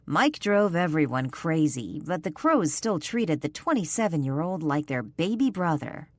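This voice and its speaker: A woman narrating a paranormal romance audiobook in a measured, expressive storytelling manner. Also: sits low, dry recording, studio quality. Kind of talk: scripted narration.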